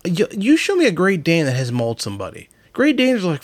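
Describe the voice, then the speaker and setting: A man's voice: sits high, huge pitch swings, fast, dry recording. A man chatting casually, blunt and joking, with some swearing. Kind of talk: casual chat.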